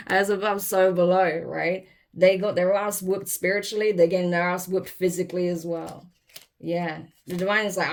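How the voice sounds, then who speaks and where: A woman's voice: fairly low pitch, expressive, unhurried, darkish tone. Emphatic, blunt woman reading tarot. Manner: emphatic, blunt and profane, with repeated "I'm telling you"; exasperated and incredulous. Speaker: tarot reader. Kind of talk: casual tarot reading to camera.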